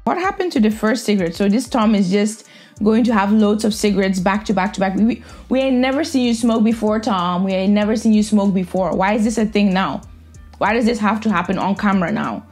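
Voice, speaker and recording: A woman talking through her reactions in a casual vlog, blunt and sassy, quick to pass judgment. Her voice sits at an ordinary middle pitch, with faint music running underneath. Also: darkish tone. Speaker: reaction vlogger. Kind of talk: casual commentary.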